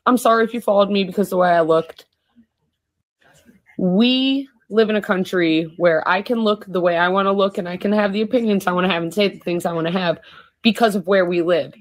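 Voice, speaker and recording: A woman giving an earnest, measured personal statement to her followers. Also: mid-range voice. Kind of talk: personal social media statement.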